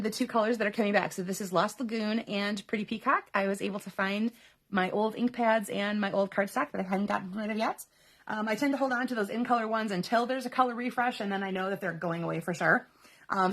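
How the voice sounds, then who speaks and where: A woman hosting a live card-making show, talking through her samples in a chatty way with lots of ums and quick self-corrections. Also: mid-range voice, gravelly, a bit bright. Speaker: crafting show host.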